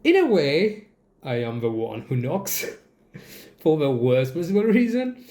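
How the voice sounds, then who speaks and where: A young man from Mauritius, host of a comedy show, ranting in a casual, animated way and swearing freely. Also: measured pace. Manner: animated, jumps into mocking high-pitched quoted voices, swears. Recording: echoey room.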